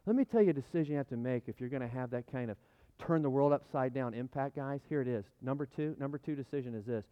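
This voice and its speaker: A man in his thirties preaching a sermon in a conversational, animated way, often repeating his words. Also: on the high side, quick pace, clean tone. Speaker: pastor. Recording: muffled lo-fi sound.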